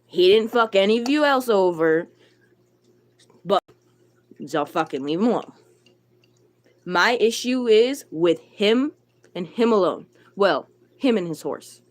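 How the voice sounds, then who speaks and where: A woman's voice: mid-range voice, expressive, a little slow, long pauses. A woman livestreamer ranting to her chat, blunt and irritated, swearing a lot and answering viewers by name. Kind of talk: live stream chat rant.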